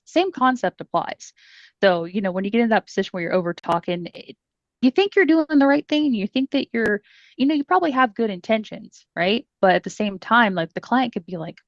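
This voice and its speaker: Fast-talking woman, lo-fi. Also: mid-range voice, no echo. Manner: animated, acts out quoted clients. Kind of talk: casual group discussion.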